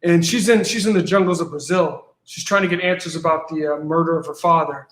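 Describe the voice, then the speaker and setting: A man's voice: on the high side, brisk, a bit bright, echoey room. A man, a guest creator, eagerly explaining his work in casual interview chat, often repeating words as he goes.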